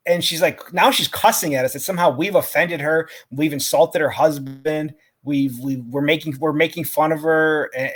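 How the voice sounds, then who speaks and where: A man co-hosting a podcast, telling a story in a casual way, swearing often, laughing and restarting his sentences. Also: on the high side. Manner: profane, laughing, many restarts. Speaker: podcast co-host.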